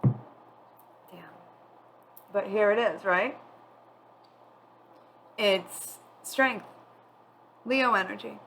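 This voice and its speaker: Tearful woman, tarot reader, slow halting delivery, bright voice. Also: mid-range voice, gravelly, a little hiss or hum, poor audio. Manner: candid, confiding, slow and halting. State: tearful, crying. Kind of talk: emotional spiritual reading.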